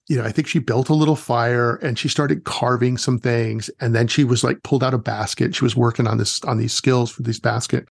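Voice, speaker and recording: A man who works as a wilderness educator, telling stories in a relaxed, chatty way during an interview and acting out the people he quotes. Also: mid-range voice, vocal fry, slightly rough, no room sound, clean studio sound. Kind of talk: casual interview storytelling.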